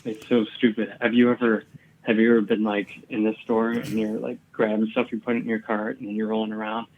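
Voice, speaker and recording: A man's voice: lowish voice, flat delivery, a little fast, a little mellow, dull audio, a little hiss or hum. A man, a comedian guest, telling rambling stories in casual chat and swearing often.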